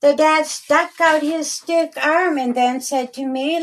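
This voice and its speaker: A woman reading aloud her own rhyming children's story in a slow, sing-song storytelling manner. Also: high voice, fairly even intonation. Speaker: storyteller and author.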